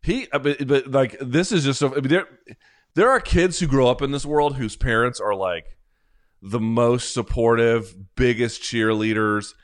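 A man's voice: medium pitch, normal speed. A man hosting a podcast, talking in a rambling, sarcastic, self-deprecating way in casual comedic chat. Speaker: podcast host.

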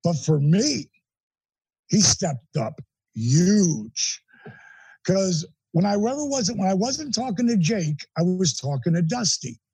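A middle-aged man, an interview guest, telling a personal story in an animated, emphatic way with blunt language. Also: high voice, slow pace, husky, dry recording, poor audio.

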